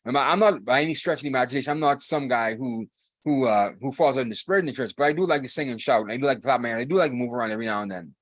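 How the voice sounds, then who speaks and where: A man's voice: medium pitch, racing, no echo. A man hosting a live podcast, talking in a casual monologue, emphatic and repeating phrases for force. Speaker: podcast host.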